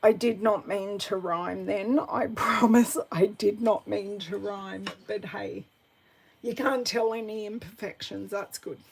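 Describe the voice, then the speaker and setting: Female craft demonstrator, slow, gravelly, chatty thinker-aloud. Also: mid-range voice, a little mellow, poor audio. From Australia. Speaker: card-making demonstrator. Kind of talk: live crafting tutorial chat. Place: at a craft desk.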